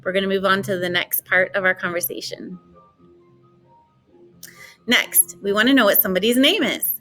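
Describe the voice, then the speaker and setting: A woman teaching a beginner language lesson, modeling words slowly and clearly for students to repeat. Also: medium pitch, bright, forceful tone, soft background music. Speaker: French teacher.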